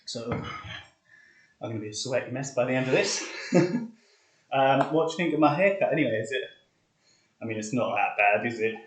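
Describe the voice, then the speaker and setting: A man's voice: mid-range voice, moderate pace, long pauses. Breathless man leading push-ups. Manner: chatty, upbeat, counts reps aloud. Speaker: fitness coach leading a live workout. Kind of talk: casual live-stream workout instruction. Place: hot flat, indoors. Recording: echoey room.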